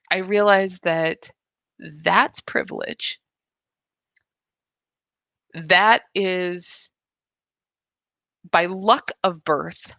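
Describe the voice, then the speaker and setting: A woman hosting a spiritual practice talks slowly and earnestly, pausing and restarting as she reflects. Her voice is bright and forward. The sound is close and dry. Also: mid-range voice, vocal fry, dry recording. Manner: earnest, slow and emphatic with restarts.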